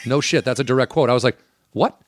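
A man's voice: mid-range voice, fairly even intonation, a little fast, no room sound, studio quality. A man telling showbiz stories in casual chat, swearing and laughing as he goes.

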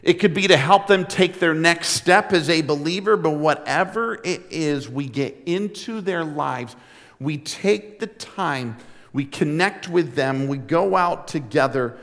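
A man's voice: on the high side, unhurried, fairly bright tone, long reverb tail. A man preaching a sermon in a direct, earnest, conversational way. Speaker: pastor.

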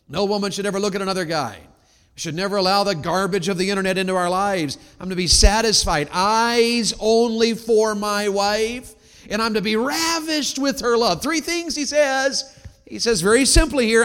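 A man preaches with a high-pitched voice. He swings from loud exclamations to hushed, drawn-out words. His voice rings with the long echo of a large hall. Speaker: Baptist preacher. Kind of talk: sermon.

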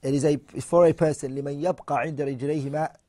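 A man's voice: fairly high pitch, fairly even intonation, very fast, warm tone. Man teaching a numbered religious lesson. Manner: explains point by point, asks the audience questions; switches between English and Arabic readings. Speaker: Islamic teacher.

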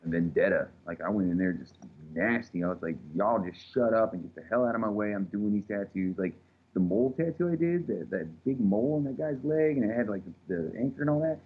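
A man's voice: lowish voice, lively intonation, brisk, breathy edge. A man, a tattoo artist telling a rambling, profane story in casual chat, recorded with thin phone-like sound.

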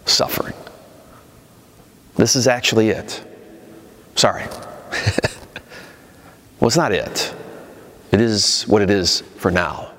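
A male pastor preaching a sermon in a conversational way, his pitch rising and falling for emphasis. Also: fairly bright tone, big-room sound.

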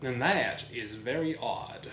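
A man's voice: mid-range voice, slow pace, a bit bright, slight background noise. A man hosting a podcast in casual chat, joking and laughing easily. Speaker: podcast host. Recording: echoey room, faint music.

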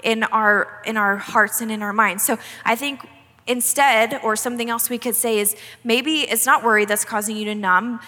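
A woman's voice: on the high side, steady tone, normal speed, pushed and bright, long reverb tail. A young woman giving an earnest, conversational devotional talk, often restarting her sentences. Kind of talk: sermon-style devotional talk.

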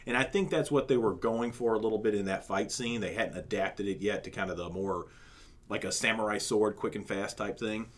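A man's voice: fairly low pitch, brisk. A man chatting casually as a podcast co-host, rambling with fillers and restarts. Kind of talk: casual movie ranking chat.

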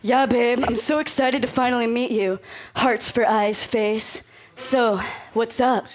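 A woman's voice: on the high side, fairly even intonation, measured pace, close to an everyday voice. A woman playing an odd, eager man flirting online, breathless and flirty in an improv comedy scene.

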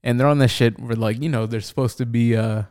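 A man's voice: medium pitch, a little fast, smooth, dry recording, studio quality. A young man hosting a podcast, telling a story in casual, profane chat and acting out the other people in it. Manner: animated, profane, acts out quoted voices. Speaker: podcast host.

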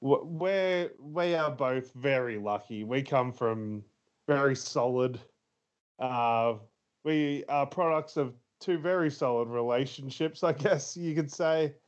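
A man co-hosting a podcast, talking slowly through a film's plot in a loose, rambling way. He pads his sentences with fillers and laughs often. The recording sounds a little dull and muffled. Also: medium pitch. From Australia. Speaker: podcast co-host. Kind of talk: casual movie review chat.

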